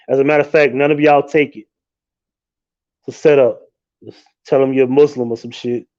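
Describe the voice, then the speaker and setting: A man hosting a live stream, ranting loudly and mockingly with a lot of swearing. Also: mid-range voice, dull audio. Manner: profane, loud and mocking. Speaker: livestream host. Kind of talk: casual live-stream rant.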